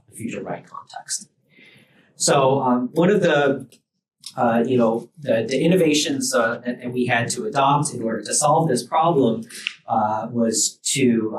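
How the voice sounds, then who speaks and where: A man giving a technical research talk at a workshop, talking loosely with many fillers and restarts. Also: mid-range voice. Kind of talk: technical lecture. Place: lecture room at a workshop. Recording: roomy sound, mic at a distance, faint noise.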